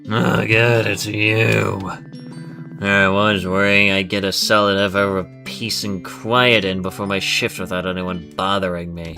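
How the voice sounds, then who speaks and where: A man's voice: lowish voice, little pitch movement, a little slow, gravelly, bright, forceful tone, soft background music, full character voice. A man doing sneering coworker Paula. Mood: scornful. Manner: sneering, dismissive. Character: scornful gruff coworker Paula, bitter and sneering.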